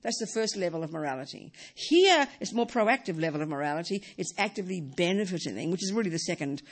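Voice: mid-range voice, expressive, fast. A middle-aged Buddhist teacher giving a dharma talk, emphatic and repeating key phrases.

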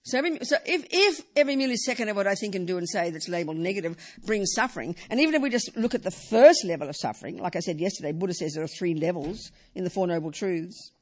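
Buddhist teacher, woman, lively and playful delivery, live hall talk. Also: fairly low pitch, fast talker, few pauses. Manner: lively, joking, repeats words for emphasis.

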